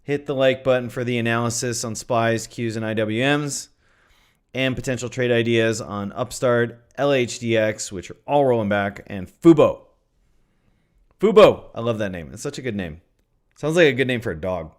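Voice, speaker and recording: A man's voice: medium pitch, normal speed. A man hosting a live trading stream, chatting casually and thinking aloud, often repeating his phrases. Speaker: trading livestream host. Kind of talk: casual livestream market analysis.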